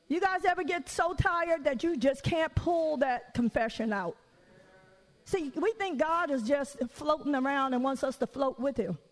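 A woman's voice: high-pitched, normal speed. A woman preaching a sermon in a folksy, conversational way, acting out the quotes she gives. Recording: long reverb of a large hall.

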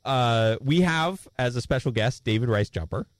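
A man's voice: medium pitch, lively intonation, normal speed, no room sound. A man co-hosting a casual podcast, thoughtful and agreeable, often restarting his sentences. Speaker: podcast co-host. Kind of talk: casual chat.

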